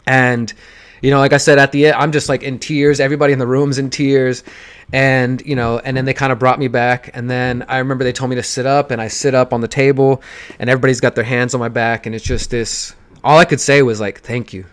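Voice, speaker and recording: A man's voice: mid-range voice, little pitch movement, a little fast, clear, resonant tone. Candid man telling a personal story. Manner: candid, emotional, profane, with acted-out quotes. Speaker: podcast host.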